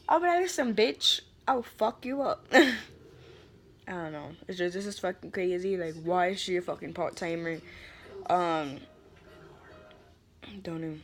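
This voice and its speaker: A woman's voice: fairly low pitch, fairly bright tone. A young woman delivering a heated, profane rant as a vlogger, sassy and fired up, calling people honey. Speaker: vlogger ranting about wrestling.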